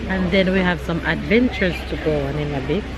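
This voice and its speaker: A woman's voice: on the low side, brisk. Give me a chatty woman in her thirties with a Jamaican accent, filming a family day out with a handheld camera. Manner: upbeat, chatty, laughs often. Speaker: family vlogger. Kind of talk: casual vlog narration. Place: outdoors in a small town street. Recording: outdoor street noise.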